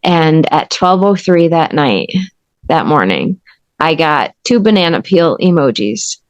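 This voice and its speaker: A woman with a fairly low voice recounts her story to an interviewer with earnest intensity. Her speech is conversational and emphatic. The sound is close and dry, with no room echo. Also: big pitch swings, measured pace, highs cut off. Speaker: podcast guest.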